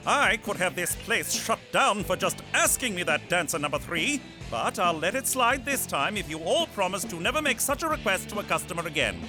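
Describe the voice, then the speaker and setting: A man's voice: sits high, big pitch swings, normal speed, few pauses, over music. A man voicing a smug, officious federal agent in an adult cartoon. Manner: self-satisfied, officious.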